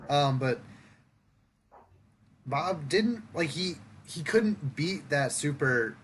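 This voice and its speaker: A man's voice: on the high side, expressive, drawn-out words, a bit bright, a little hiss or hum. A man hosting a podcast, talking through a film review in casual chat, thoughtful and explaining at length with occasional fillers. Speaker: podcast host.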